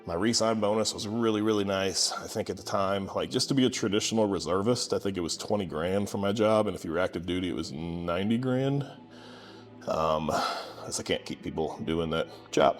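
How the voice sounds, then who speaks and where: A man, telling a casual story about starting his gym, sarcastic and lively when he quotes people. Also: deep voice, a little fast. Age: 20s. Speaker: gym owner vlogger.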